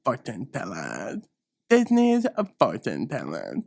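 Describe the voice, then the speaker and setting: A man's voice: fairly low pitch, huge pitch swings, a little slow, gravelly, a little mellow, dry recording, clean studio sound. A young man hosting a comedy show, rambling through an improvised bit, acting out characters and laughing at his own jokes. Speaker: comedy podcast host.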